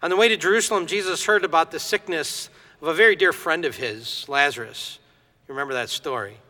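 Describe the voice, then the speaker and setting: A man preaching a sermon in a lively storytelling way, acting out the voices in his story. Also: fairly high pitch, brisk, long reverb tail. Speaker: pastor.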